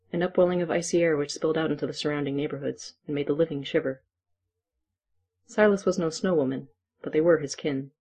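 A narrator reading a story aloud in a steady, even way. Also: medium pitch, breathy edge.

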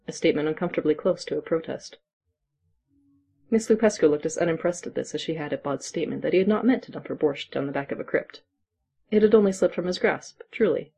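A narrator reading a story aloud in a steady, even way. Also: medium pitch, brisk, vocal fry, husky.

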